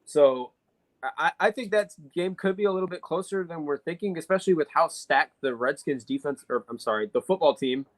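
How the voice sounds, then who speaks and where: A man's voice: a little high, expressive, a little fast, poor audio. A man co-hosting a casual sports podcast, analyzing football matchups at length with frequent fillers. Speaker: podcast co-host.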